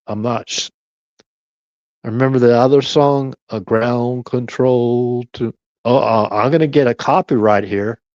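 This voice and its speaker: A man's voice: medium pitch, normal speed, darkish tone, dry recording, lo-fi sound. A man hosting a late-night live stream, rambling and chuckling to himself and keeping his voice down at times. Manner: meandering, chuckling, talks half to himself; keeps voice down at times.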